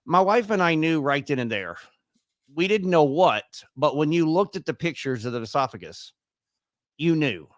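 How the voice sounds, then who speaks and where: A man's voice: a little high, animated, moderate pace, dry recording, studio quality. A man in his fifties telling his own story as an interview guest, chatty and acting out the dialogue he quotes. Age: 50s. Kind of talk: casual personal storytelling.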